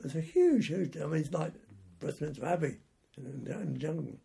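Gravelly, raspy old man telling war stories. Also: a little high, lively intonation, fairly quick, warm tone. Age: older. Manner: rambling anecdotal telling with restarts. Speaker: war veteran interviewee. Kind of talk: oral history storytelling.

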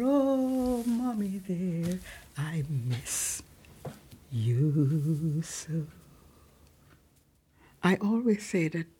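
A woman around ninety from Guyana, a lay preacher telling her life story softly, often dropping to a whisper, in a large cathedral. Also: low voice, gravelly, slightly rough. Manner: soft-spoken, often sinking to a whisper. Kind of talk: personal storytelling.

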